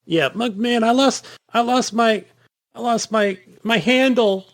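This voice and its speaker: A man's voice: very high voice, a little slow. A middle-aged man co-hosting a gaming podcast, telling stories and laughing at himself. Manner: chatty storyteller, laughs at himself. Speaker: podcast co-host. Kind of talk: casual chat.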